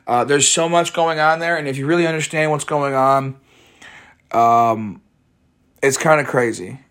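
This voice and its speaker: A man's voice: mid-range voice, fairly even intonation, a little slow, fairly bright tone. A man rambling profanely through a solo podcast, cracking wry jokes and breaking into rants. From Chicago area. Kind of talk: casual rambling monologue.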